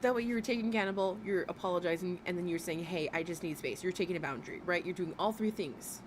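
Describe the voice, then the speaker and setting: A woman's voice: fairly low pitch, quick pace, a little hiss or hum. A woman hosting a livestream, giving blunt, profane, exasperated commentary as she reacts to a video.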